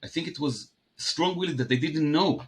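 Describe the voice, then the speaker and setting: A man from Israel with an Israeli accent, a guest entrepreneur telling stories in an interview, often restarting his sentences. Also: on the high side. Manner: halting, many restarts and fillers. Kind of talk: conversational interview.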